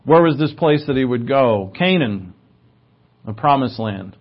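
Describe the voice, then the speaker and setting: A male preacher teaches in an easy, conversational way, wandering into asides and using filler words. His voice sits at an ordinary middle pitch. The recording sounds a little muffled and lo-fi. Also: expressive, unhurried, breathy edge. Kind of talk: sermon teaching.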